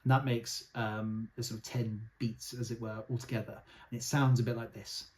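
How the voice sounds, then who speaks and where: A man's voice: mid-range voice, little pitch movement, moderate pace. A young man, an actor by training, giving a thoughtful casual book review with many ums and uhs. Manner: thoughtful, soft-spoken, many fillers.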